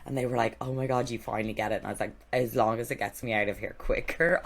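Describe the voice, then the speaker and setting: A young adult woman co-hosting a podcast, telling lively stories, swearing freely and acting out what people said. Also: very deep voice, fast talker, gravelly, few pauses, a little hiss or hum. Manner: animated storytelling, swearing, acting out quotes. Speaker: podcast co-host. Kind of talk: casual chat.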